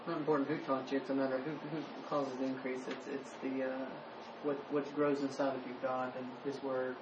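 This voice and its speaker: A man in a Bible class answering the teacher, halting and repeating words as he gropes for what to say. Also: mid-range voice, level tone. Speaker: class participant. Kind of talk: answering in a group discussion. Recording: distant, roomy, muffled pickup with loud background noise.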